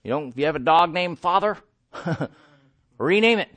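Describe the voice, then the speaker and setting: Man, preacher, high-pitched voice, emphatic sermon, rhetorical questions, dry close recording. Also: expressive, normal speed, a bit bright, no echo. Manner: emphatic, asks the listener questions and answers them himself.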